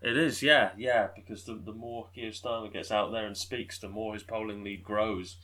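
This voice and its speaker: A man's voice: fairly low pitch, fairly even intonation, moderate pace, bright, forceful tone. A young man co-hosting a casual political podcast, sarcastic and sweary, often laughing. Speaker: podcast co-host.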